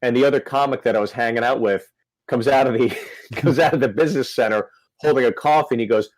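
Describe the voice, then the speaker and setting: A man's voice: mid-range voice, fast talker, no echo, rough recording. A male comedian telling a story on a podcast, acting out the quotes. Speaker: comedian guest.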